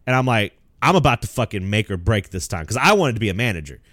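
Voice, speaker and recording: A young man co-hosting a casual podcast, telling profane, animated stories and laughing often. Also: fairly low pitch, quick pace, no echo, clean studio sound. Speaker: podcast co-host.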